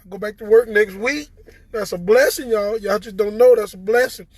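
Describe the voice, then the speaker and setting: Tearful Southern man, voice cracking high. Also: darkish tone, husky, no room sound. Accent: Southern American. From Southern United States. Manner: halting, repeats words, stammering. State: tearful, voice breaking. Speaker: recovered patient addressing viewers. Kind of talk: emotional personal testimony.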